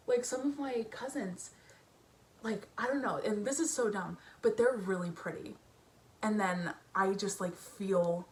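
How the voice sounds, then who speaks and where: A young beauty vlogger chats casually while doing her makeup for a get-ready-with-me video, giggly and self-conscious, with lots of fillers. She speaks at normal speed in a mid-range voice, with a little hiss or hum and family noise coming from downstairs in her home bedroom.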